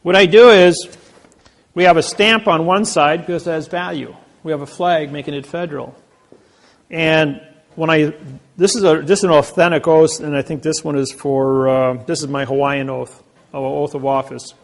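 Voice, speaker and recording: A man giving a rambling storytelling lecture to a class, with many halting restarts. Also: on the high side, steady tone. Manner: rambling anecdotes with acted quotes. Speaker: speaker teaching a class.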